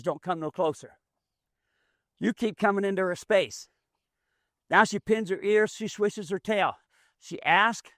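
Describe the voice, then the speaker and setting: A man's voice: high-pitched, fairly bright tone, no room sound, studio quality. A man running a hands-on mule training demonstration outdoors, explaining in a folksy, plainspoken way as he works. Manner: folksy, explains as he works, drawling rural grammar.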